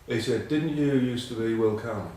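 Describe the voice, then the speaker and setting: A man's voice: mid-range voice, normal speed, warm tone, heavy reverb, distant mic, rough recording. A middle-aged English man telling rambling, self-mocking rugby stories in casual chat. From England. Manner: rambling, self-mocking anecdotes with many ums. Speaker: rugby pundit.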